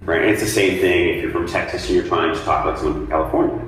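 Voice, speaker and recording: Man, very low voice, interviewee, relaxed chatty delivery, lots of ums, roomy echo. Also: fast. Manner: thoughtful, many ums and you-knows, animated when joking. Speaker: interviewee, blues dance teacher. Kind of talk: casual conversational interview. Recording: echoey room, mic set at a distance, faint noise.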